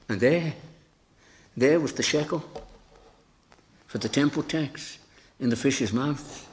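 A man's voice: on the high side, moderate pace, pauses often, a little mellow, slight background noise. A male preacher giving a sermon, emphatic and dramatic, acting out scenes with quoted voices.

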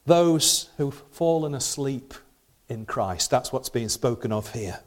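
A man's voice: medium pitch, animated, slow. A middle-aged man giving a sermon in a conversational way, with rhetorical questions and frequent restarts. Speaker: preacher.

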